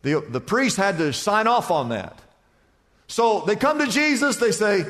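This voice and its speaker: A man preaching a sermon as pastor, building lists to shouted peaks. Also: very high voice, big pitch swings, a little slow. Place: large church sanctuary. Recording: church hall reverb.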